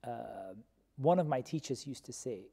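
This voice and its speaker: A man teaching a Quran commentary class, who questions his students and repeats key terms slowly. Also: mid-range voice, expressive, vocal fry, dark tone, husky. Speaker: religious teacher. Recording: long reverb of a hall.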